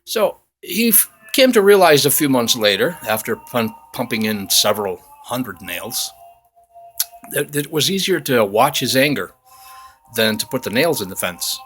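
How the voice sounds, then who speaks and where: A man's voice: mid-range voice, sing-song, moderate pace, a bit bright, soft background music. A man telling a homespun story in a rambling, folksy way, leaning on "he says" as he goes. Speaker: storyteller in costume persona. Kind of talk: folksy spoken tale. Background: faint chanting.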